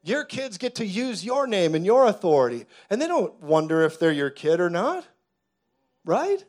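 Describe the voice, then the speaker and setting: A man's voice: sits high, sing-song, normal speed. Fervent man preaching a sermon. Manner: dramatic storytelling, builds to loud fervent preaching. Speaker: pastor.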